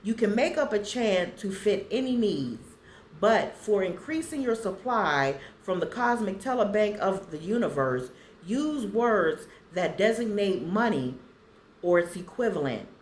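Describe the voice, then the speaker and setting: A woman vlogger casually talking to viewers and slowly reading affirmations aloud so they can write them down. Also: medium pitch, sing-song, echoey room, slight background noise. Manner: slow, deliberate reading for viewers to copy.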